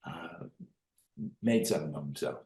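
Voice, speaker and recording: A man, an author, reflecting thoughtfully in an interview, halting with many pauses. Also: a bass voice, animated, mellow, roomy sound. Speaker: author guest.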